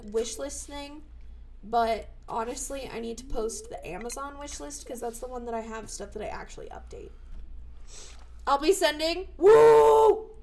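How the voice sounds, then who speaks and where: A young woman streaming live, chatting casually, bubbly and excitable with sudden squeals. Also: on the high side, slight background noise.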